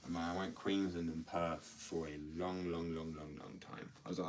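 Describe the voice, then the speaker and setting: A man chatting casually on a live stream from his workshop, rambling, excitable and quick to laugh at himself. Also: low-pitched. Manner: rambling, excitable, self-mocking. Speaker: skateboard maker live-streaming to chat. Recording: distant mic, faint noise.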